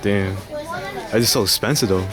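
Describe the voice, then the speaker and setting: A young man casually vlogging with a camcorder, slangy and quick to laugh. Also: crowd noise. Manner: slangy, laughing, baby-talks to his dog in a much higher voice. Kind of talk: casual vlog chat. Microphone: handheld camcorder. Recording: noisy street ambience, vehicles.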